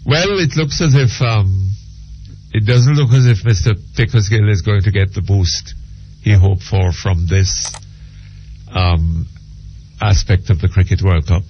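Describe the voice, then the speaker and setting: Man hosting talk radio, unhurried, full of ums, dull lo-fi broadcast. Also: lowish voice, faint music behind. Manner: unhurried, hesitant, lots of ums. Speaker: radio talk show host.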